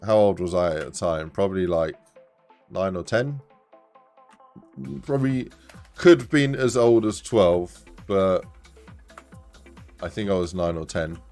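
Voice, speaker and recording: Low-voiced man telling a story. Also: a little slow, long pauses, soft background music. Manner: animated, rambling, laughs often. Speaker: streamer. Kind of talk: casual storytelling on a live stream.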